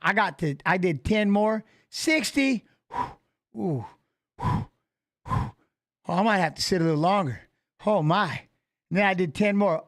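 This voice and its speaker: A man in his forties with a notably high-pitched voice hosts a casual livestream. He rambles in a loose, chatty way and calls out to his viewers by name. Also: unhurried, fairly bright tone. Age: 40s. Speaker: livestream host.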